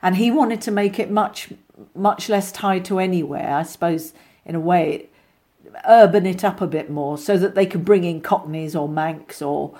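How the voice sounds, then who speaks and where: A middle-aged woman, an actress being interviewed, telling lively anecdotes with many restarts and asides. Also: fairly low pitch, normal speed. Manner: chatty, animated storyteller with many restarts.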